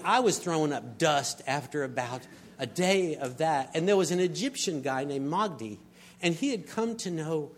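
Middle-aged preacher telling stories. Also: male voice, medium pitch, a little hiss or hum. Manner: storytelling, builds to emphatic swells. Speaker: pastor. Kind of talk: sermon.

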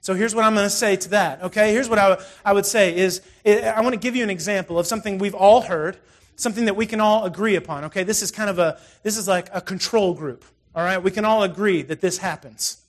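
A middle-aged male pastor preaching a sermon in a conversational, animated way, full of asides and storytelling. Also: high voice, fast talker.

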